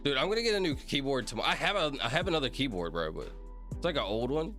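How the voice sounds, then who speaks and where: Brief: male streamer, animated pitch, chatty and apologetic, faint music underneath. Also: quick pace. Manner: rambling, laughs often, apologizes repeatedly. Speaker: livestreamer. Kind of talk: casual livestream chat. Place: at his computer streaming.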